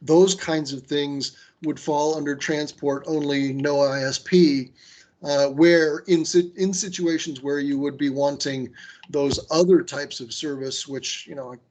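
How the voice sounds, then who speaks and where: A man's voice: a little high, fairly even intonation, a little slow, darkish tone. A man leading an online training session on a video call, speaking conversationally with many fillers and restarts and giving firm recommendations. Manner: gives firm advice.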